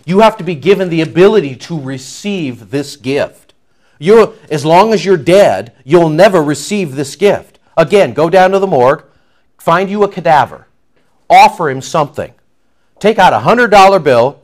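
Pastor, male, high pitched, lively delivery, banters with the room mid-sermon. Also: moderate pace. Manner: animated preaching, swings from loud declaiming to quiet asides; jokes and banters with the congregation.

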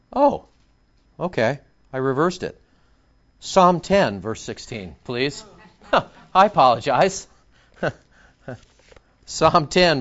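Brief: confrontational male pastor, animated pitch swings, dull lo-fi recording. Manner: emphatic, confrontational, scolding. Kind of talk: sermon.

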